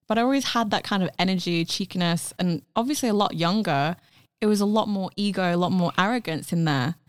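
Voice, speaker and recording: A young woman, a guest on a casual talk show, telling stories with lively acted-out dialogue. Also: lowish voice, brisk, no echo, studio quality. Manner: animated storyteller, acts out quoted dialogue. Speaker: guest, actor. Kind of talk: casual podcast conversation.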